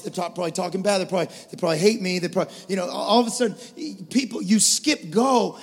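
A man preaching a sermon as pastor, animated, swinging from loud preaching to quiet storytelling. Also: high voice. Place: large church hall. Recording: reverberant church hall with soft music.

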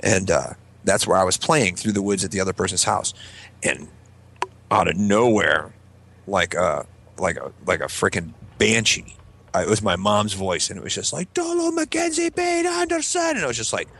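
A man in his thirties with a Midwestern American accent, co-hosting a casual podcast and telling animated stories full of swearing and shrill falsetto impressions. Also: moderate pace, vocal fry, breathy edge. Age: 30s. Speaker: podcast co-host. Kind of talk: casual storytelling chat.

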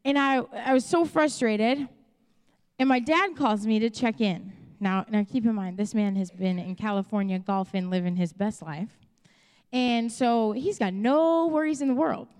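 A young woman pastor with a Chicago accent delivers a sermon in a frank, conversational way, slipping into acted-out asides. Her voice sits a little high. The sound rings out with the long reverb of a large church hall. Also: measured pace, darkish tone, clear, resonant tone. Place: church auditorium.

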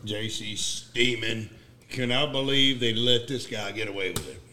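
A man in a casual chat with friends, jumping in loud and profane to tell his side of a story. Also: on the low side, a little slow, a little hiss or hum.

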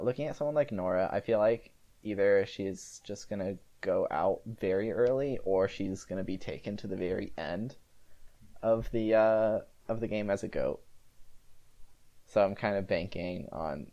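A hesitant man talks casually, hedging with plenty of fillers. His voice is very deep and gravelly with heavy fry. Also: normal speed, mellow, muffled recording. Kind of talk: casual chat.

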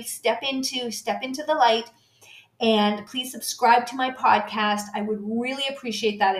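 Middle-aged woman host, slightly high voice, emphatic coaching tone, echoey room. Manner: emphatic, keeps checking in with "okay?". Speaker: podcast host and menopause coach. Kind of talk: encouraging self-help podcast talk.

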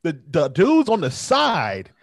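Lively, blunt man ranting about a movie. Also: on the high side, slow, vocal fry. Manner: blunt, profane, animated ranting. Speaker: movie review co-host. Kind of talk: casual chat.

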